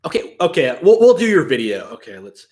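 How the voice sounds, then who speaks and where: A man hosts a casual gaming commentary stream, rambling and hedging with fillers and the odd swear. His voice sits somewhat high and moves a lot in pitch. The sound is roomy and echoey. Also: sing-song, a little fast, darkish tone. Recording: echoey room.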